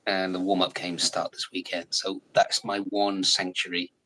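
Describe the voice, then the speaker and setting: An English man in his forties, a guest in a casual live chat, talking in a chatty, animated way and laughing often. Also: deep voice, moderate pace, slight background noise, rough recording. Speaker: guest actor.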